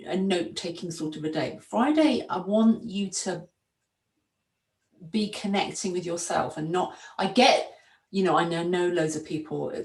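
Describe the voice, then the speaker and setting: Animated woman coach on an echoey call. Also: on the low side, gravelly, recorded from a distance. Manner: encouraging, animated, gently directive. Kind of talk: coaching session.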